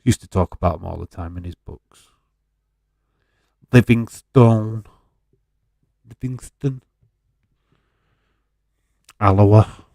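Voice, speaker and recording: A man with a lowish, gravelly voice talks slowly and chattily through a live wrestling watch-along. He wanders off into tangents and swears casually. The sound is close and dry. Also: flat delivery, dark tone, dry recording. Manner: rambling, chatty, swears freely. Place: home in Fife.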